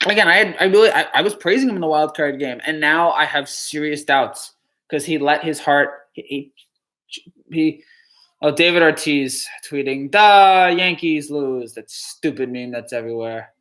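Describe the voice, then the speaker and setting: A man's voice: a little high, moderate pace, bright, forceful tone. Dejected stammering man. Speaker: live streamer. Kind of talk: live reaction stream.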